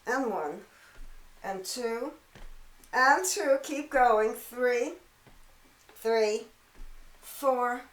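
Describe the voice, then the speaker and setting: Pilates teacher lady, a bit hoarse, kinda high voice, counting reps in a roomy echoey space. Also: drawn-out words, pauses often. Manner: counts reps, steady cueing, chatty asides. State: throat-clearing, hoarse from allergies. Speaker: pilates instructor. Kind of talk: guided workout instruction.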